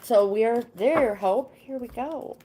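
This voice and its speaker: A woman's voice: a little high, unhurried, dark tone, a little hiss or hum. A woman hosting a casual livestream, greeting viewers by name and reading tarot cards in a chatty, easily sidetracked way. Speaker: livestream host and tarot card reader.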